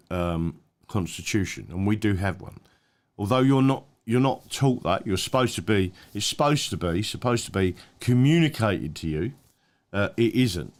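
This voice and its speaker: A man hosting his own channel, giving rambling, emphatic political commentary with many fillers and restarts. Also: lowish voice. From England. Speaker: channel host.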